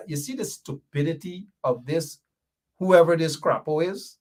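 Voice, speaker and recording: A man's voice: fairly high pitch, unhurried, a little mellow. Emphatic man hosting commentary. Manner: emphatic, repetitive, mocking. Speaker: show host. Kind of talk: political commentary.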